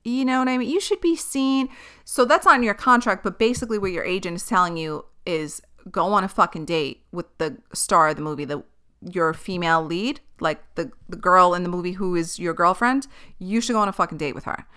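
A woman's voice: lowish voice, a little fast, sharp tone, smooth. A woman hosting her own podcast, chatting candidly and animatedly on her own and swearing freely. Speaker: podcast host. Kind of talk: casual solo podcast chat.

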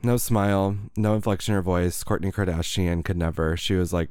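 A man's voice: low-pitched, steady tone, brisk, darkish tone, clear, resonant tone, no room sound, clean studio sound. A man co-hosting a podcast, chatting casually and telling stories with sarcastic asides. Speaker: podcast co-host. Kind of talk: casual chat.

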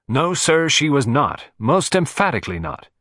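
A male narrator puts on a large, overdressed, blustering man with a loud, dismissive way of talking. His voice swings widely in pitch, pushed up with bluster. The read is dry and close, audiobook style. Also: very animated, moderate pace, dry recording. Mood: scornful.

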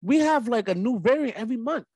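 A young adult man hosting a casual solo podcast, telling rambling, animated stories with emphatic asides. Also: very high-pitched, quick pace, no room sound. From New York. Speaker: podcast host.

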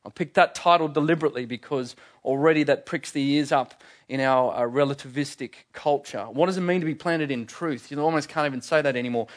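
A man's voice: fairly high pitch, fairly quick. A man preaching a sermon in a church, earnest and emphatic, with frequent fillers.

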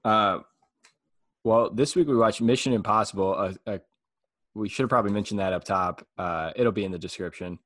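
A man hosting a comedy podcast, talking in a rambling, halting way and laughing often between thoughts. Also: fairly low pitch, fairly bright tone, dry recording. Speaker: podcast host and stand-up comedian. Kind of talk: casual podcast chat.

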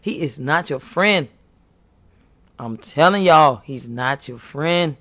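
A man's voice: a little high, animated, slow, fairly bright tone. A man preaching to his viewers with impassioned, earnest exhortation, pleading and repeating himself. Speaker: faith speaker.

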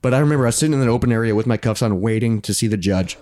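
A man's voice: mid-range voice, racing, darkish tone, no room sound, studio quality. Rambling young man telling jail stories. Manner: rambling, swears often, many likes and restarts. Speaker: podcast co-host. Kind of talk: casual chat, storytelling.

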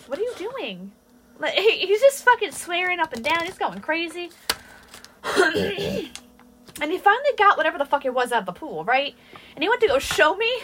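A woman co-hosting a podcast, telling workplace stories in casual chat, swearing freely. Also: very high voice. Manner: profane, storytelling, lively. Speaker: podcast co-host.

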